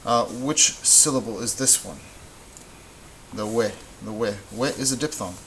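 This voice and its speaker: A man's voice: medium pitch, measured pace, fairly bright tone, slight background noise, poor audio. A man teaching a lesson at a whiteboard, explaining step by step in a patient way and stopping to correct himself. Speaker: Spanish teacher.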